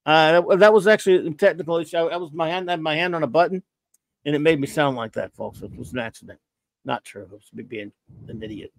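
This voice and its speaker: A man's voice: a little high, fast, gravelly, no echo. A man hosting a live stream, rambling and joking as he greets viewers in the chat. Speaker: podcast host.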